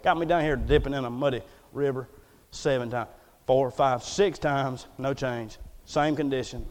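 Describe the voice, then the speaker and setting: A man preaching a folksy, emphatic storytelling sermon. He swings between loud bursts and hushed asides. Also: medium pitch, moderate pace. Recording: long hall reverb.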